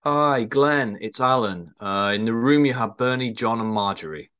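A man's voice: mid-range voice, normal speed, fairly bright tone, clear, resonant tone, lightly acted. A man with a wavering English accent reading a flustered, stammering male hotel manager in a comedy table read. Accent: English, drifting northern and southern. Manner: stammering, apologetic.

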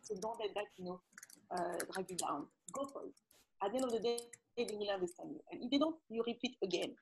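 A woman's voice: mid-range voice, animated, quick pace, darkish tone, a little hiss or hum. A woman with a French accent, a podcast guest speaking English as a second language, emphatic and full of hesitant fillers. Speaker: podcast guest, magazine founder. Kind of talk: interview answers.

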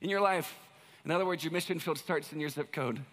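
A male pastor giving a conversational sermon with jokes, moving between loud bursts and quiet asides. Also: on the high side, fast, in a large hall.

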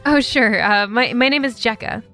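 Woman doing a friendly young dwarf girl, high and chirpy, chatty. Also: moderate pace, pushed and bright, faint music behind. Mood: helpful. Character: young female dwarf potion traveler, friendly.

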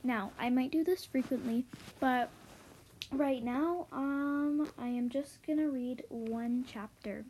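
A woman's voice: high-pitched, takes it slowly, dark tone, slight background noise, low-quality recording. A woman reading a children's book aloud, hesitant, with stumbles and fillers. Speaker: reader.

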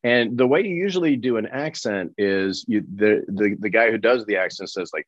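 A man from Colorado, a guest actor telling lively anecdotes in an interview and acting out the people he quotes. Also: fairly low pitch, moderate pace, no echo, dull audio. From Colorado, USA. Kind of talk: animated storytelling in an interview.

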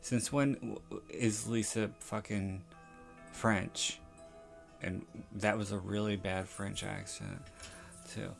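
A man's voice: on the low side, animated, takes it slowly, creaky, soft background music. A man hosting a podcast, reviewing a TV episode in rambling, casual, profane chat. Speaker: podcast host.

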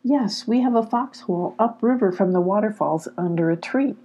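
Woman doing a shy fox pup, soft whispery voice, mellow, breathy, storybook. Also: medium pitch, moderate pace, muffled recording, lightly acted. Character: shy frightened young female fox pup.

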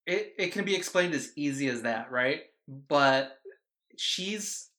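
A man co-hosting a casual podcast chat, quick and emphatic, swearing casually. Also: a little high, lively intonation, pushed and bright. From United States. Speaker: podcast co-host.

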